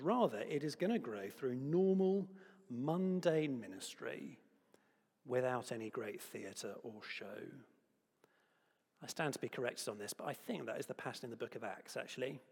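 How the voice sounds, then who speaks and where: A man's voice: medium pitch, breathy edge. Man preaching in a reverberant church. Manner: lively, playful asides, uses props. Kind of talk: sermon. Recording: long hall reverb.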